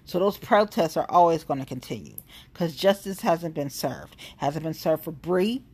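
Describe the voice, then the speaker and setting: A woman's voice: sits low, expressive, moderate pace, darkish tone, husky. A woman talking casually to camera in a blunt, profane, heated and exasperated rant about protests and her plans. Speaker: activist vlogger.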